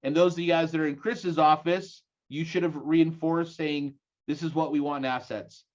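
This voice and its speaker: A man in his forties with a Utah accent leads a lively seminar, throwing questions at his audience. His voice sits a little high for a man. The sound is dull and lo-fi, like audio sent over a video call. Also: moderate pace. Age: 40s. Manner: energetic, rallying the audience with questions. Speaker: guest speaker. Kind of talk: live seminar presentation.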